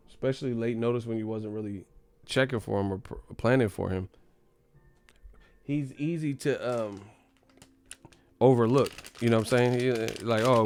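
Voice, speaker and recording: A man's voice: medium pitch, a little mellow, no echo. Profane, joking live-stream boxing host, man. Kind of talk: casual live-stream rant.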